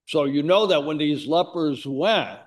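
A man's voice: a little high, a little slow. A man preaching a sermon in a folksy, conversational way, with asides to his congregation. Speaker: pastor.

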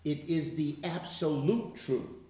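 Emphatic man in an echoey room. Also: fairly high pitch. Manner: animated storyteller, emphatic slow stresses. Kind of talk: casual testimony talk.

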